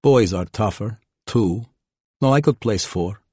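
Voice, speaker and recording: A male audiobook narrator voicing a spoiled, brash young rich man who talks loudly and whines. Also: fairly low pitch, expressive, measured pace, breathy edge, dry recording. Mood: casual. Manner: loud, whiny and boastful.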